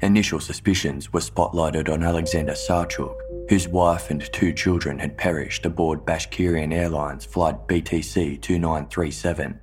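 A man reading a scripted true-crime narration in a measured, even storytelling delivery. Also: very deep voice.

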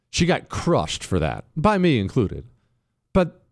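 Male host, sarcastic and animated, lively pitch, dry studio voice. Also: measured pace, dry recording. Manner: sarcastic, animated, addresses producer on air. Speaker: talk show host. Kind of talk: opinionated radio-style commentary.

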